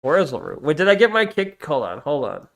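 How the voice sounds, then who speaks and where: A male streamer with a slightly high voice talks casually as he goes through chat. He breaks off often, restarts sentences and keeps telling viewers to hold on. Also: sing-song, brisk, gravelly, fairly bright tone. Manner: distracted, reads chat aloud, many restarts and "hold on"s.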